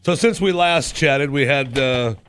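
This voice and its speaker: A man's voice: mid-range voice, a little slow, fairly bright tone, smooth. A man hosting a talk radio show, rambling and wry, often interrupting himself. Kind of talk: casual talk radio commentary.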